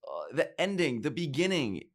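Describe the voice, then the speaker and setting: A man's voice: on the high side, moderate pace, vocal fry. A young man co-hosting a podcast, talking casually and earnestly with lots of feeling. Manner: earnest, animated, gets choked up with feeling. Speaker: podcast co-host. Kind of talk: casual chat.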